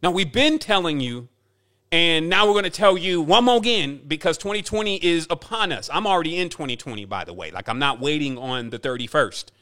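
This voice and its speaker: This man talks in a fairly high voice, circling back and repeating himself as he preaches a spiritual message. His delivery is emphatic, and he rambles as he goes, in the manner of a teacher speaking to his followers. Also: animated, brisk, pushed and bright. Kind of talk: spiritual monologue.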